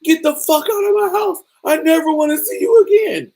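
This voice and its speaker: A woman acting out an enraged, hurt military father shouting threats, her voice jumping high. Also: a little fast. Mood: angry threats. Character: furious, wounded middle-aged military father.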